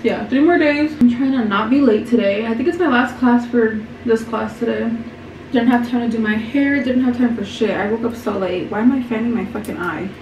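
A woman's voice: on the high side, brisk, a little mellow, roomy sound, highs cut off, a little hiss or hum. A woman in her twenties chatting casually to her viewers in a vlog, loose and slangy, swearing freely. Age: 20s. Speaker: vlogger. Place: at home and around a college campus. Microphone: handheld camera.

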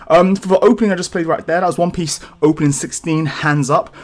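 A man hosting a live manga reaction, excitable and rambling with casual swearing, feeling a bit sick and clearing his throat. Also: a little high, fast talker, hardly any pauses. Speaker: channel host.

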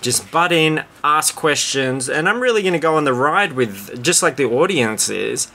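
Joking bright-voiced man hosting a podcast. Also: on the high side, lively intonation, moderate pace. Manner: joking, rambling, crude humour. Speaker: podcast host. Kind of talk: casual podcast chat.

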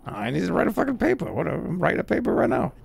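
A man's voice: sits high, sing-song, fast, creaky, slightly rough, pitched above the performer's own voice, full character voice. A man voicing a lazy, crude male student in his forties with a Boston accent who swears and brushes things off. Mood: brash. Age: 40s. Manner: brash, swearing, dismissive drawl.

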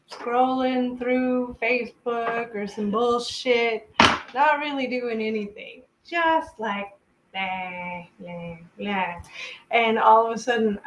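High-voiced woman telling a story, echoey room. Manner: animated, exclaiming, lots of "like". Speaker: co-host telling a shared story. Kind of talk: casual storytelling.

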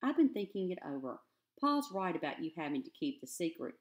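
An eager, dreamy seventeen-year-old country boy, read by a woman, hushed and coaxing. He speaks earnestly. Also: lowish voice, sing-song, brisk.

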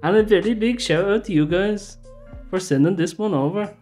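An Irish man putting on a hammy Liverpool accent, pitched high above his usual voice and playful. The attempt is exaggerated and lands loosely. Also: drawn-out words, dark tone, soft background music. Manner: playful, exaggerated, breaking into laughter.

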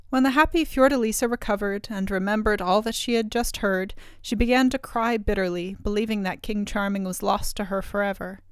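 A woman reading a classic fairy tale aloud in a measured, expressive way, close to the mic. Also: medium pitch, clean tone, no room sound. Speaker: storyteller.

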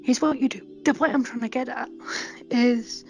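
A woman's voice: fairly high pitch, normal speed. A woman with a stammer, candidly telling her own story in an interview and acting out past conversations. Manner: candid, animated retelling of conversations. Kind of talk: personal testimony interview.

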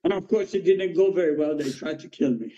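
A man whose first language is Farsi, a pastor, tells his testimony in an interview with lively storytelling and acts out the dialogue. His voice sits a little high and sounds mellow. The recording is somewhat dull and lo-fi. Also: fast. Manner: animated storytelling, acting out dialogue.

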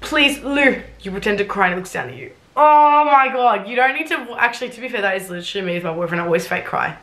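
A woman's voice: mid-range voice, expressive, rapid-fire, a bit bright. A woman, reacting bluntly and sarcastically on a casual vlog and swearing freely. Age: 20s. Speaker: YouTuber. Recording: roomy echo.

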